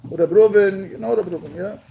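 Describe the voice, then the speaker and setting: A man's voice: sits high, fairly quick, gravelly, mellow, a little hiss or hum, poor audio. A man giving a talk, telling a story at a community gathering and mixing in Yiddish and Hebrew words.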